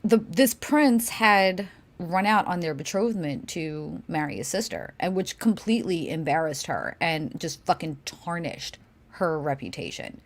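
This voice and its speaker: A woman co-hosting a casual livestream Q&A, animated and brash, laughing and swearing often. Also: lowish voice, unhurried. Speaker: co-host of a Q&A stream.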